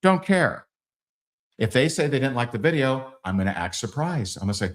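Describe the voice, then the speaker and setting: A middle-aged man leading a live sales training, acting out conversations with big swings in his voice. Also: normal speed. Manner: animated, acts out dialogues with big pitch swings.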